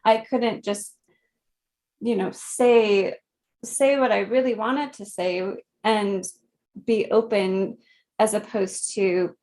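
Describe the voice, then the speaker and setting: A woman in her thirties, a guest in an interview, speaking gently and reflectively, with frequent soft laughs. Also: medium pitch, fairly even intonation. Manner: slow, gentle, reflective, laughs softly often. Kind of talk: conversational interview.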